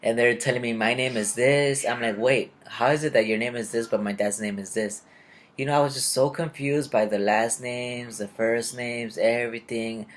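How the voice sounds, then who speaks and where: A man's voice: mid-range voice, slight background noise. A young man casually telling a rambling personal story and acting out the people he met. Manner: rambling, confused, retells conversations in quotes. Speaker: vlogger.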